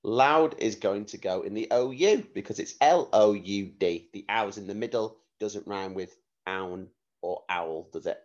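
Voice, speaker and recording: A man teaching a phonics lesson to young children, spelling words out letter by letter in a clear, slow dictation manner. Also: on the low side, highs cut off. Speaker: primary school teacher.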